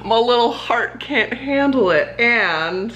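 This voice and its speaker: Young female vlogger, bright tone, chatty and laughing, faint room hiss. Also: a little high, animated, slow pace, dull audio. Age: young adult. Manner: chatty, laughs often, many fillers. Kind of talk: casual home vlog chat. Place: home, indoors.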